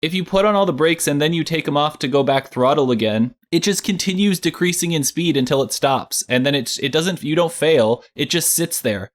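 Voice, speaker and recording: A young man co-hosting a podcast, explaining things in a relaxed, halting way with frequent restarts. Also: on the high side. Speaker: podcast co-host. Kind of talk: casual podcast chat.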